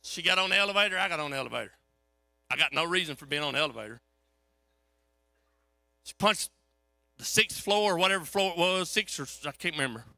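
A man preaches through a story in a folksy, animated way. His voice sits high and rings very bright and forceful. The sound is close and dry. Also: fast talker, vocal fry, long pauses, no echo. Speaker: pastor. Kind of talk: storytelling sermon.

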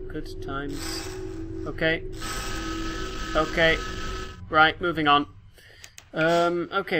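A young male gamer gives chatty let's-play commentary, easily startled and talking to the game's characters. His voice is a little high, with background noise and faint piano music behind him.

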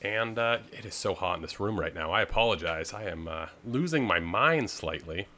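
A man's voice: low voice, lively intonation, moderate pace, bright, forceful tone. A young man, rambling easily through casual game commentary with lots of filler words. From Canada. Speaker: gaming video host.

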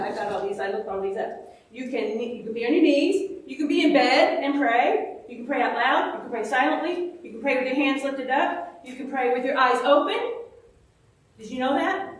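A woman teaching a children's Bible lesson, asking the kids questions and acting out little prayers in playful voices. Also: high-pitched. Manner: lively, asks questions, acts out little prayers. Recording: echoey room, mic far off.

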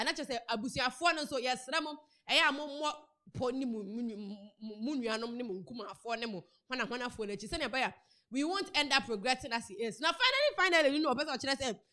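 Brisk bright-voiced Ghanaian woman. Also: sits high. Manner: chatty, animated storytelling with repeated words. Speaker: celebrity news presenter. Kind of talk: casual news commentary mixing Twi and English.

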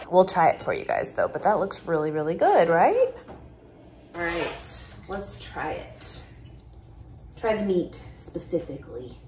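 A woman's voice: lowish voice, very animated, measured pace, darkish tone, slight background noise. A woman vlogger chatting casually and giggling as she makes dinner and does a food taste test. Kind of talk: casual chat. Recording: echoey room, mic at a distance.

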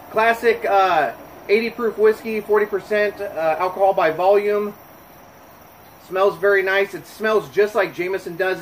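Host reviewing whiskey, man, high voice, easygoing and jokey, faint background hum. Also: poor audio. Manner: relaxed, joking, chatty with fillers. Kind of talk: casual chat to camera. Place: home bar.

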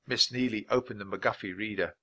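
A man reading a children's chapter book aloud at a clear, natural pace for English learners. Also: on the low side, pushed and bright. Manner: clear, unhurried storytelling. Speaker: audiobook narrator.

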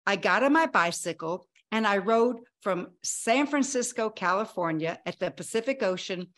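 A woman's voice: medium pitch, lively intonation, normal speed, a bit bright. A woman in her sixties, a guest on an interview podcast, telling her own life story dramatically and acting out remembered dialogue. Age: 60s. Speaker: guest, health coach.

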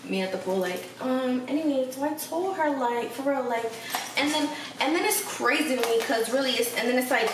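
A slightly high voice moves fairly quickly as a woman vlogs from home, speaking directly to viewers. Her chat is casual, sassy, and slangy. The recording is noisy and echoey, picked up from a distance.

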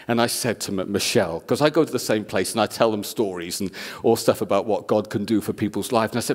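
Male guest preacher, lively storyteller, mid-pitched voice. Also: fast talker, few pauses. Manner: animated storyteller, voices the people in his stories. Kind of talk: sermon with storytelling.

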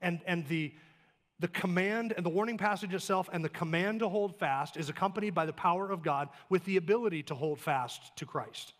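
Pastor guy preaching quick, kinda high voice, big echo in the church. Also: fairly bright tone. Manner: emphatic, building lists of short clauses; plain conversational asides with light humor. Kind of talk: sermon. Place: church sanctuary.

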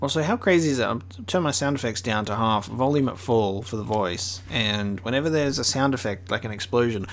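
A man's voice: medium pitch, animated, a little fast, few pauses. A man casually commenting on a game he is playing, chatty and swearing often. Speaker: gaming streamer. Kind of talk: casual let's-play commentary.

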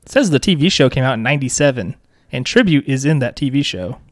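A man's voice: mid-range voice, animated, quick pace, no echo. A man in his thirties co-hosting a podcast, chatting casually with dry, teasing banter. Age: 30s. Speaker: podcast co-host. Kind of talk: casual chat.

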